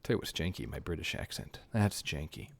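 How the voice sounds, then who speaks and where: A man's voice: low-pitched, expressive, brisk. A man streaming a building game, chatting casually with viewers and muttering to himself in a self-mocking way. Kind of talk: casual livestream chat while building.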